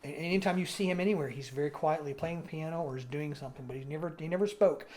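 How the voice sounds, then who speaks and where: A man co-hosting a podcast, telling a story in casual chat and acting out quotes with animated swings in his voice. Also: fairly high pitch, quick pace. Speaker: podcast co-host.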